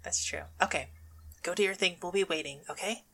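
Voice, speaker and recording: Excitable bright-voiced woman player. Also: fairly low pitch, fairly quick. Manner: excitable and hesitant. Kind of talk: casual game table chat.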